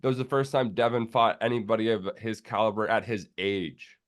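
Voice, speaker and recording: Low-voiced man with a smooth tone. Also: fairly quick. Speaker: producer and co-host. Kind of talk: casual chat.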